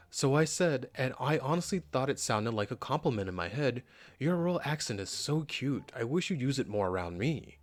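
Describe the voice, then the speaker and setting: An American man hosts his own reaction channel and reads an online post aloud. He then slides into loose, chatty commentary that rambles and often restarts mid-sentence. His voice sits at an ordinary middle pitch for a man.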